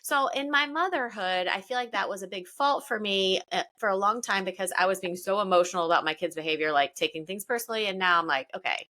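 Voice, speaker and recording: Bright-voiced chatty woman co-host. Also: mid-range voice, fast, few pauses. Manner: chatty, emotional storytelling. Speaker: podcast co-host. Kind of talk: casual chat.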